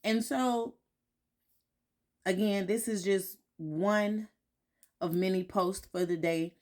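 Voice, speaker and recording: At home in the morning, a woman talks casually and reflectively to her followers in a vlog. Her voice is medium-pitched, slow and a little mellow. She's candid, often repeats herself and checks in with "right?".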